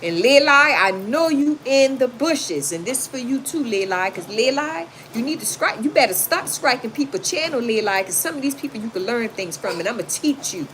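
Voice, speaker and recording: A chatty woman hosts a casual livestream, reading viewers' comments aloud and answering them with blunt, sassy advice. Her voice sits a little high for a woman. The recording carries clear background noise. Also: lively intonation, moderate pace, few pauses, a bit bright. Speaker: livestream host reading chat. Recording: noisy home recording.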